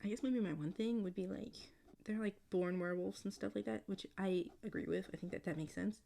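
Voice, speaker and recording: Gravelly, mellow-toned chatty young woman. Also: mid-range voice, fairly quick, slight background noise. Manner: rambling, chatty, frequent "like" fillers, laughs often. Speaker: vlogger. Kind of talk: casual chat while drawing.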